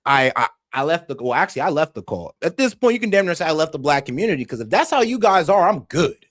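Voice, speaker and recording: A man's voice: on the high side, very animated, quick pace, a bit bright, no echo, clean studio sound. A man hosting a live reaction stream, delivering heated commentary with passionate, profane ranting.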